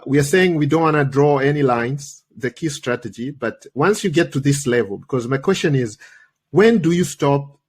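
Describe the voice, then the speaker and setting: A man's voice: mid-range voice, slightly rough. A man hosting a live trading tutorial, slightly worn from a recent cold, chatty and checking in with listeners constantly. He speaks English as a second language. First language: not English. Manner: chatty, peppers talk with "okay?" and "guys". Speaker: trading coach and livestream host.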